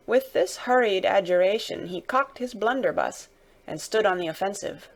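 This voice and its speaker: A woman narrating a classic novel, reading dramatically and raising her voice for the characters' shouted lines. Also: medium pitch, lively intonation, normal speed.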